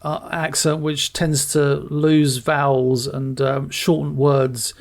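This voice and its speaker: A podcast co-host chatting casually about films. His voice is gravelly and sits fairly high for a man. He stumbles and restarts often as he works his way toward a point. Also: completely flat delivery, takes it slowly. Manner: hesitant, lots of restarts and filler words. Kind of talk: casual film discussion.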